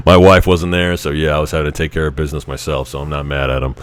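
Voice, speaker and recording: A man's voice: a bass voice, level tone, fast talker, smooth. A man in his thirties, a Navy veteran, telling casual stories about his service in a rambling, chuckling way with many restarts. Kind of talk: casual anecdotal storytelling.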